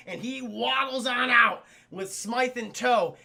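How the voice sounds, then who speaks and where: A man casually reviewing a cartoon episode on a live stream, excitable, swearing freely and talking to his chat. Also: high voice, moderate pace, vocal fry, hardly any pauses.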